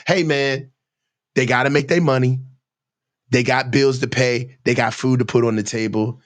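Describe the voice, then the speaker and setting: A man's voice: medium pitch, steady tone, normal speed. A man hosting a live football reaction show, ranting in heated, slangy commentary.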